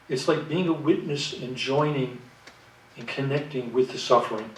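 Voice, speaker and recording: Male workshop presenter, reflective and measured; echoey room, mic at a distance. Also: medium pitch, slight background noise. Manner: measured, reflective, with fillers and restarts. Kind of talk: lecture to clinicians.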